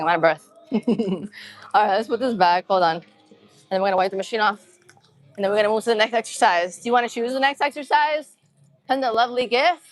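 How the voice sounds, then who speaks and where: A woman's voice: on the high side, dry recording. Chatty hyped woman streaming from a gym. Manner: chatty, hyped, slangy, greets chat constantly. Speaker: livestreamer. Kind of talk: casual livestream chat while working out. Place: empty gym.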